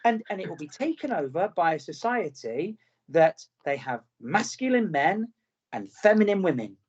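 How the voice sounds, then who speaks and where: A man's voice: sits high, big pitch swings, normal speed, darkish tone, husky. A middle-aged man with a British accent, chatting bluntly on a podcast and swearing freely. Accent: British English. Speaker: podcast host. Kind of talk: casual podcast chat. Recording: slightly muffled podcast audio.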